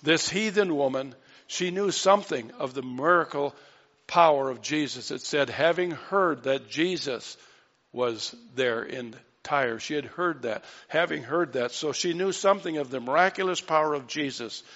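Male preacher, storytelling sermon, slightly high voice, muffled lo-fi recording. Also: normal speed. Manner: storytelling, acts out quoted voices with dropping softness. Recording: dull lo-fi sound with long hall reverb.

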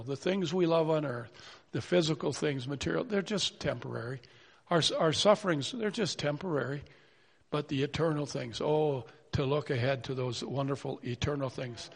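A man's voice: a little high, normal speed, vocal fry, breathy edge. A man preaching a sermon in an earnest, pleading way, full of rhetorical questions. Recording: long hall reverb.

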